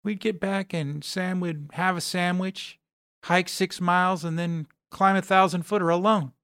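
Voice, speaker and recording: A man reading the lines of an easygoing, wisecracking middle-aged male climber in a relaxed, joking way. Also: high voice, a little slow, clean tone, dry recording, studio quality, pitched above the performer's own voice. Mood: reminiscing.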